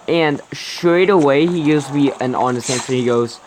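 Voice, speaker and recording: A man's voice: on the high side, moderate pace, background noise. A young man casually telling a rambling story to his viewers, often correcting himself mid-sentence. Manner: rambling, self-correcting, chatty. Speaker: vlogger.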